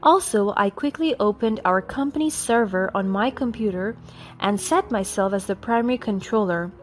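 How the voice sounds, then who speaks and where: A woman reading a scripted first-person story in a cool, steady, matter-of-fact way. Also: mid-range voice, normal speed, faint music behind. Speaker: narrator.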